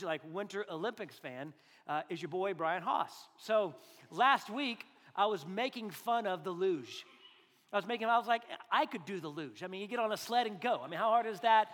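High-voiced male pastor, joking sermon, reverberant hall. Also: fairly bright tone. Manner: joking, conversational, acts out quotes. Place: church sanctuary.

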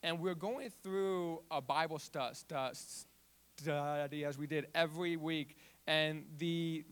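A man's voice: fairly high pitch, fairly bright tone. A young man with a stutter telling his personal testimony, often restarting words and telling the story with animation. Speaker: youth ministry volunteer.

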